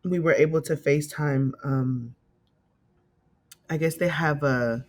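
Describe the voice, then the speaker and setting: A middle-aged woman from California telling a painful personal story in an interview, emotional and halting, often repeating herself and acting out what others said. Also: sits low. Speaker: guest telling her story.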